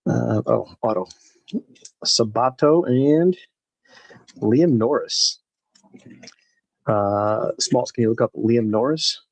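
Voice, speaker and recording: A man with a gravelly, husky, mid-range voice hosts a live baseball card break, chatting casually and greeting viewers by name as he opens packs. He speaks slowly and pauses often. The recording is dry and the audio quality is poor.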